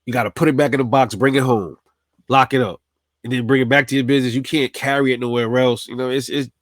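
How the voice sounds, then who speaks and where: A man's voice: medium pitch, quick pace, no echo. A man from New tells a personal story in casual, profane street talk. His mid-range voice is recorded dry and close. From New York City. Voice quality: streetwise, profane, animated retelling.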